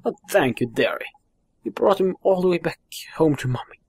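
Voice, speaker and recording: A man's voice: fairly high pitch, lively intonation, moderate pace, darkish tone, husky, no echo, voice pushed up. A man voicing a sweet, fussy old woman doting on her pet. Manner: fussing, cooing.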